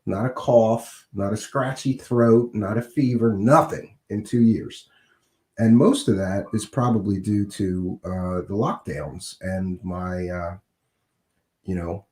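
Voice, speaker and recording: A middle-aged man hosting a podcast, hoarse and scratchy from a cold, talking casually with many fillers. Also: fairly low pitch, darkish tone, echoey room. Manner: conversational, with frequent uh and um fillers. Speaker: podcast host.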